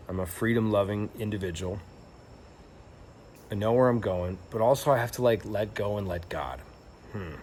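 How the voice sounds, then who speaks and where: Over slight background noise, a young man with a low-pitched voice recounts a trip as a travel vlogger. His telling wanders and turns reflective, full of fillers and false starts.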